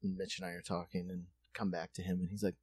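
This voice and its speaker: A man telling a long story on a podcast in a lively, animated way, acting out other people's voices and laughing often. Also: low voice, quick pace, slightly rough. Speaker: podcast co-host. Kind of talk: casual storytelling chat.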